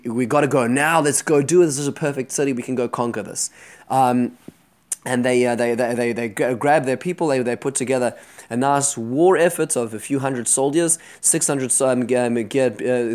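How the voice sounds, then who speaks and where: Man, mid-pitched, teaching a Bible lesson with animated, restart-prone storytelling. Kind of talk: lecture retelling a Bible story.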